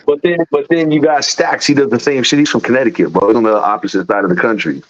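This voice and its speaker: A man's voice: medium pitch, fast. A man joking around on a live-stream call, teasing and swearing, with frequent laughs. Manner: teasing, profane, laughs a lot. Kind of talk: casual live-stream chat. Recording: muffled call audio.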